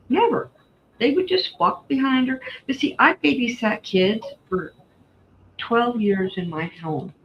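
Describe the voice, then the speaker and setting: A middle-aged woman, chatting frankly and telling stories about her family. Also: medium pitch. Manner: frank, storytelling, blunt. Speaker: host. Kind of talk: casual chat while crafting. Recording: slightly dull stream audio, faint background noise.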